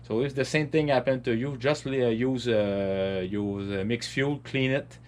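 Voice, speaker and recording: A middle-aged man with a French accent, explaining a hands-on chainsaw repair in a halting way, with many fillers and restarts. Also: medium pitch, fairly even intonation, a little mellow, a little hiss or hum. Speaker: vlogger.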